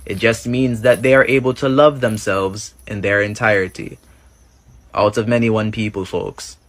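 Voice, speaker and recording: Male host, lowish voice, calm informative commentary, dry close sound. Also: no room sound. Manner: measured, informative. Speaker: reaction video host. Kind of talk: explanatory commentary.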